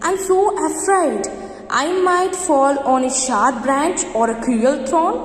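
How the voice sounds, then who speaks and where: A woman's voice: high-pitched, expressive, unhurried, reverberant, big-room sound. A woman voicing a timid, frightened little kite in a storybook lesson. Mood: afraid. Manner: pleading, fearful. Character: timid scared little kite, small and shaky.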